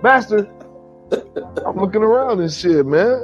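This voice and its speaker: A man in casual chat about fights, animated and profane, often acting out quotes. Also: high voice, moderate pace, highs cut off, faint music behind.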